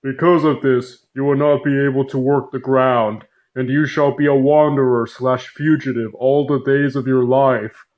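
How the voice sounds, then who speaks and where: A man's voice: mid-range voice, fairly even intonation, moderate pace, hardly any pauses, muffled recording, close to an everyday voice. A man voicing God as a laid-back buddy who talks in casual slang. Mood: stern.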